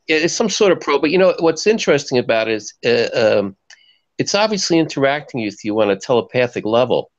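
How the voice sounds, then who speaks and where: A man co-hosting a live chat, asking probing questions and explaining his theories in a measured, analytical way. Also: medium pitch, big pitch swings. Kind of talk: casual talk, interviewing and theorizing. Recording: muffled lo-fi stream audio.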